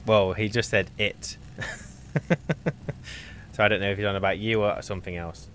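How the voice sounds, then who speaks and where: Deep-voiced man explaining a game. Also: steady tone, normal speed, fairly bright tone, slight background noise. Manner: explains game mechanics at length, teasing banter. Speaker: streamer, co-op game host. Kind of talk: casual gameplay chat and explaining.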